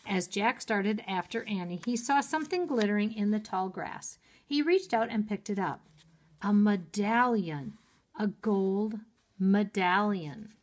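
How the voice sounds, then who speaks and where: A woman's voice: mid-range voice, lively intonation. A woman teacher reading a chapter book aloud to children and stopping to explain words. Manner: slow and clear, explaining words. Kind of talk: read-aloud storytime for children.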